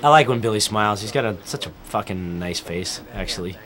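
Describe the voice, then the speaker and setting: A man's voice: fairly low pitch, animated, brisk, a bit bright. A man giving casual, profane, rambling commentary over a film, telling band stories.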